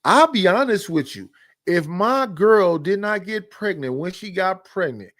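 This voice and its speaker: A man in his fifties with a somewhat high voice tells personal stories on a podcast. He speaks bluntly and candidly, circling back through repeated phrases as he makes his point. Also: animated, a little slow, fairly bright tone. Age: 50s. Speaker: podcast host. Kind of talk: casual storytelling chat.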